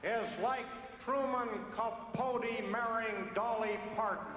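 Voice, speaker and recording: A man doing an impression of an older male statesman, dry and deadpan, with slow, deliberate punchline delivery, in a noisy, echoey archive recording from a gala hall. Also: very high voice, pitched above the performer's own voice.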